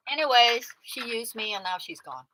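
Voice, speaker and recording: A woman hosting a livestream, telling a story to her chat in a chatty way that swings from loud outbursts to muttered asides. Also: on the high side, noisy background. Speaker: livestream host. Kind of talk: casual storytelling to a live chat.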